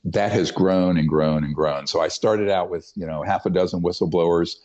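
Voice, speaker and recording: An older man, a podcast guest, gives a long interview answer in a low, slightly mellow voice with fairly even intonation at normal speed. He tells his story emphatically and conspiratorially, often restarting sentences with fillers. The podcast audio sounds dull and muffled.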